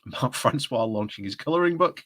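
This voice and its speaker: A man's voice: medium pitch, lively intonation, normal speed, a bit bright. A man hosting a casual live stream, chatty and often breaking into laughter as he talks. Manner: giggly, chatty, often laughing mid-sentence.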